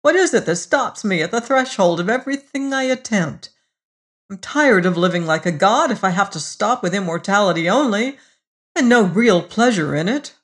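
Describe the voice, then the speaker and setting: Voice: medium pitch, expressive, measured pace, hardly any pauses, a bit bright, voice pushed up. An audiobook narrator voicing a curt, commanding immortal man who issues demands. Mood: curt, demanding. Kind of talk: audiobook reading.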